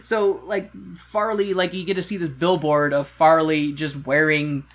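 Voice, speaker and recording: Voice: mid-range voice, fairly even intonation, measured pace, a bit bright. Joking podcast co-host. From United States. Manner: joking, profane, rambling storytelling. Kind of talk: casual chat recapping a musical.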